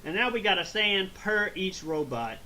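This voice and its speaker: A man hosting a casual movie review chat, animated, swearing freely and acting out scenes. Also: high-pitched, moderate pace, a little hiss or hum, rough recording. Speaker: host.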